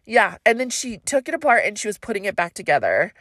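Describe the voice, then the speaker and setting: A woman's voice: medium pitch, sing-song, fast, a bit bright, no room sound, studio quality. A young adult woman hosting a solo podcast, telling a story in a rambling, loose, profane way. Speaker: podcast host.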